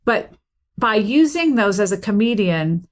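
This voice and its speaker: A woman's voice: medium pitch, unhurried. A middle-aged woman from the American South, a professor speaking in an articulate, explanatory way during an interview. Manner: articulate, explanatory, steady flow. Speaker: linguistics professor and author, guest. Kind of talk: casual interview talk.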